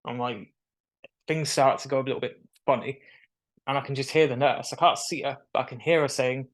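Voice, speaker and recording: A young man tells his story in a casual, animated way. His voice sits at a middle pitch. He is on a video call and jumps into the voices of the people he quotes. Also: brisk. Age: young adult. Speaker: guest.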